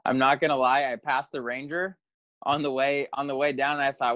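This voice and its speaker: A man's voice: medium pitch, flat delivery, a little fast, fairly bright tone, no echo. A man joins a podcast as a guest, telling a story against himself with a wry, joking edge. His sound is muffled and lo-fi, and completely dry, with no room around it. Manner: wry, self-deprecating humor. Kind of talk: casual chat.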